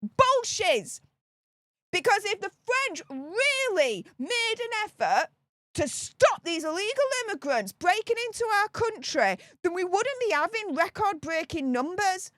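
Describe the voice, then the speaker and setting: High-pitched indignant Northern English woman. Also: big pitch swings, measured pace, a bit bright, no room sound, studio quality. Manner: indignant, ranting, repeats herself for emphasis. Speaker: political commentator. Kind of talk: opinionated political commentary.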